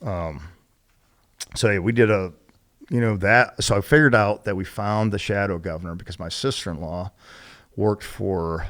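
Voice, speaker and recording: A man in his forties, a guest on a podcast, telling stories in a casual, profane and animated way and acting out the dialogue. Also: lowish voice, normal speed. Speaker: podcast guest, military veteran. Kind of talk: casual storytelling.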